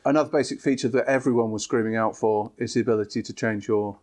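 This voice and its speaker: A man, an app developer, calmly explaining new features in an interview. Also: medium pitch, fast talker. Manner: steady, explanatory, with fillers.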